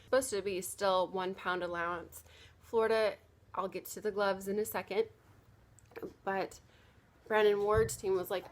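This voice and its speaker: A woman's voice: medium pitch, steady tone, unhurried, a little hiss or hum. A young woman vlogging casually, rambling through a story with lots of fillers and quoted asides.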